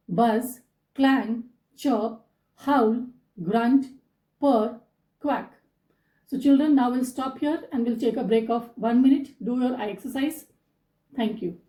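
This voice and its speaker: A woman's voice: high-pitched, dark tone. A woman teaching an English lesson to schoolchildren in Indian English, explaining step by step and repeating key points. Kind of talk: classroom lesson. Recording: echoey room with faint hum.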